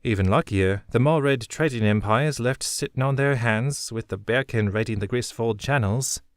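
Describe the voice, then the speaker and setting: A man's voice: medium pitch, moderate pace, no room sound, clean studio sound, natural voice. A man voicing a shrewd, wry young woman smuggler who talks in a chipper, blunt way.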